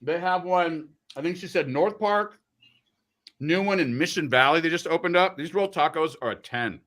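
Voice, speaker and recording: A man's voice: on the high side, normal speed. A man hosting a casual livestream from a radio studio, joking and talking while he eats. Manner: animated, joking, talks while eating. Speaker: radio host.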